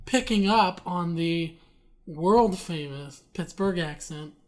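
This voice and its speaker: A woman's voice: on the low side, slow. A woman from Eastern Pennsylvania co-hosting a casual podcast, explaining regional slang in a playful, opinionated way. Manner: explanatory, playfully opinionated, talks through laughs. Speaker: podcast co-host. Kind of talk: casual chat.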